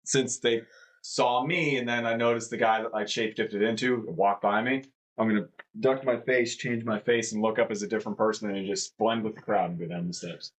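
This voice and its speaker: Husky-voiced tabletop player. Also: mid-range voice, fairly even intonation, fairly quick, poor audio. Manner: casual, describing actions. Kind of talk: tabletop game play.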